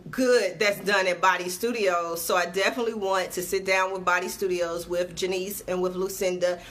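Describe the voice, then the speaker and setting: In a lowish, steady voice with a fairly bright tone and moderate pace, a small TV network's CEO chats casually with Facebook Live viewers. She is upbeat and repeats dates for emphasis while sweating slightly and patting herself dry.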